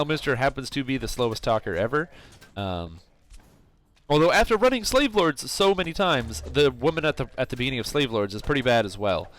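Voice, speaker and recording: A man's voice: mid-range voice, fairly bright tone. A man streaming a game, chatting casually in a rambling way with plenty of fillers and self-corrections. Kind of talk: casual chat while playing.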